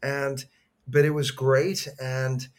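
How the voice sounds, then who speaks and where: A man's voice: medium pitch, flat delivery, takes it slowly. A middle-aged man, an actor guest on a podcast, telling personal stories in an earnest, heartfelt way with many restarts. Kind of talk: conversational storytelling.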